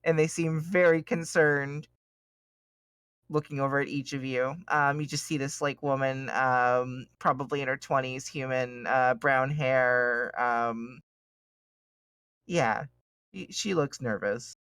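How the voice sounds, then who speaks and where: A Canadian woman runs a tabletop game in a low, easygoing voice, hesitating with ums. She speaks close to a dry mic on an online call. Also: fairly even intonation, slow pace, fairly bright tone, clean tone, dry recording. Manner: casual, laughing, hesitant with ums. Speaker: game master.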